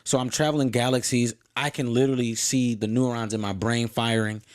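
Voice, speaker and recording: A man's voice: mid-range voice, steady tone, a little fast. A young man co-hosting a podcast, talking earnestly in casual chat with many restarts. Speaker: podcast co-host.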